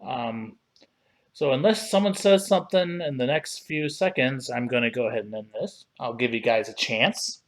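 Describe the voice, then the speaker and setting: A man hosting a casual livestream, talking in an unhurried, relaxed way as he browses and reads things aloud. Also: mid-range voice. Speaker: livestream host reviewing collectible figures.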